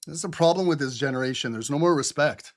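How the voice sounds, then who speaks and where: A man's voice: a little high, fast talker. A middle-aged man hosting a live trading stream, blunt, sarcastic and profane, with typing heard behind him.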